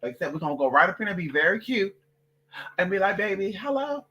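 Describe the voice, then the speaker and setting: An adult vlogger ranting to camera, loud and profane, swearing constantly and slipping into mocking voices for other people. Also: mid-range voice, expressive, fast talker, highs cut off. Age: adult, parent of a toddler.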